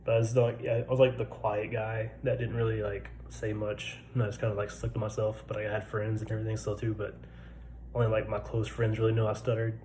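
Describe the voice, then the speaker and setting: A man's voice: on the low side, monotone, fairly quick, dark tone, slight background noise, low-quality recording. A man in his twenties who stutters, telling his own story in a laid-back, casual way with lots of fillers, recorded in a barracks room. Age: 20s. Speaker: vlogger.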